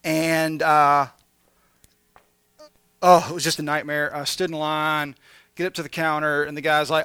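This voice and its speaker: A man's voice: a little high, flat delivery, unhurried, long pauses, bright, forceful tone, clean tone, no room sound. A man preaching a conversational sermon with jokey asides, talking candidly and animatedly to his congregation. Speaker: pastor.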